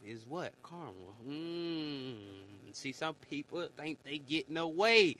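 Preachy man with a bright voice. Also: on the high side, measured pace, rough recording. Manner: preachy, exclaims "Lord have mercy". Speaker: podcast host. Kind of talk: preachy motivational monologue.

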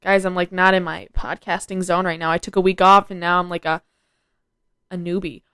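A teenage girl hosts her own podcast, chatting casually by herself and rambling with plenty of "like." Her voice is lowish, clear and resonant, a bit bright, fairly quick, with little pitch movement. The sound is clean studio audio with no room sound.

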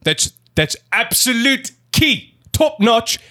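Man as a ranting British bandmate, very high, bright, yelling and swearing. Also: big pitch swings, slow, heavily acted. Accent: put-on British. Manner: shouting, cursing, indignant. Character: loud hot-headed British male bandmate. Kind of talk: improvised comedy sketch.

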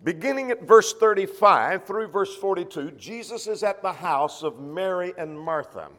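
A man preaching a sermon in a church, measured and slowing down when he quotes scripture. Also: high-pitched, expressive, a bit bright. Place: church auditorium. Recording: long echo of a church hall.

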